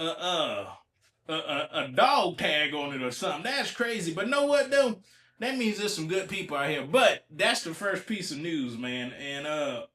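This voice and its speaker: A man's voice: high-pitched, bright, forceful tone, reverberant. A man from Ohio hosting a casual solo podcast while a little under the weather, chatting loosely and repeating himself as he reacts to news headlines. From Ohio, USA. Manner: colloquial, repeats himself, talks back to headlines. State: a little sick. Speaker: podcast host.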